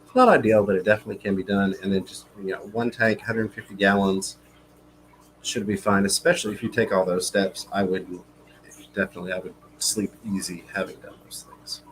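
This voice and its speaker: A man with a fairly low voice chats easily on a live show. He reads out viewer comments, and his talk is loose and full of fillers. There is a faint hiss behind him. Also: fairly even intonation, a little fast, poor audio. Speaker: livestream co-host. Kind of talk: casual live-stream chat.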